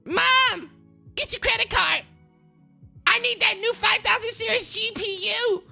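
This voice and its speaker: A man voicing a whiny young male PC gamer nerd who begs his mom, in a squealing, drawn-out, bratty voice. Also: extremely high pitch, gravelly, sharp tone, soft background music, pitched above the performer's own voice, full character voice.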